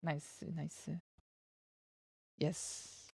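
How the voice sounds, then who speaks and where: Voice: drawn-out words, dry recording. A streamer reading a visual novel's text aloud and reacting playfully, dropping in Japanese words. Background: soft game music.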